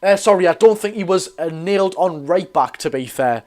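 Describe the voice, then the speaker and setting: A man's voice: a little high, fairly quick, hardly any pauses. A man with a Geordie accent hosting a live football watch-along, giving chatty commentary, correcting himself and greeting viewers.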